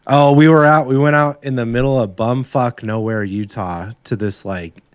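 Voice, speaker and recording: A man's voice: mid-range voice, fairly even intonation, moderate pace, smooth, dry recording. A young man, co-host of a podcast, chatting bluntly and casually about sports and his weekend, swearing freely.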